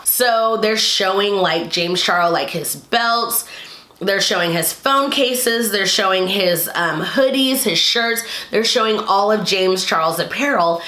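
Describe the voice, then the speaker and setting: A woman's voice: medium pitch, bright, forceful tone, reverberant, low-quality recording. A woman talking casually to camera, recapping and commenting with lots of "like" and exasperated asides. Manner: chatty, frequent "like", exasperated asides. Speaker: YouTube commentator.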